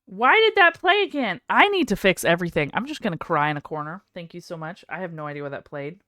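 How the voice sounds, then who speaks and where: A young woman live streamer chatting casually, excitable and self-deprecating. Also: fairly low pitch, fast.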